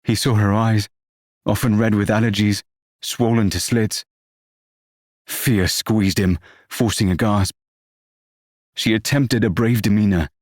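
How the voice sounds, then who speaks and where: A man narrating an audiobook novel in a measured, expressive reading. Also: on the low side, no room sound, clean studio sound.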